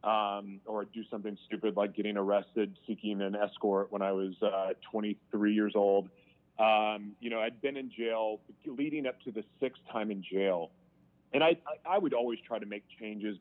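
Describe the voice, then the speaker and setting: A man telling his own story as an interview guest, frank and emotional, halting and restarting as he speaks. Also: lowish voice, fairly even intonation. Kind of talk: candid personal storytelling. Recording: tinny phone-line sound.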